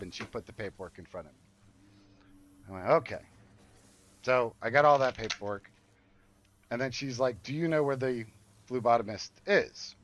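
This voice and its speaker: A man of middle pitch tells a story from his own life in a casual, lively way. He swears often and speaks the lines of the people in it. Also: moderate pace, dry recording. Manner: animated, profane, acts out quoted dialogue. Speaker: streamer telling a story. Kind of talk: casual storytelling while gaming.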